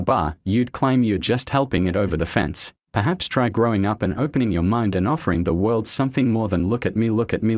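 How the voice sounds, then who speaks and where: A man's voice: fairly low pitch, darkish tone, dry recording, dull audio. A man reading scripted commentary, sneering and heaping crude insults on his target. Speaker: commentary narrator. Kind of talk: scripted mocking voice-over commentary.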